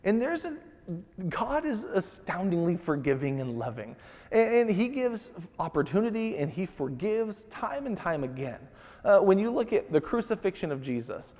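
A man preaching a sermon in a relaxed, conversational way, full of fillers and restarts. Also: a little high. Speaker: pastor. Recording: long hall reverb.

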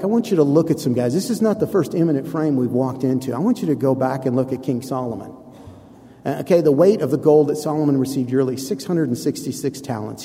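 A warm, medium-pitched male voice preaches a sermon, talking to the congregation conversationally with playful asides. He's the pastor, and the recording has long hall reverb.

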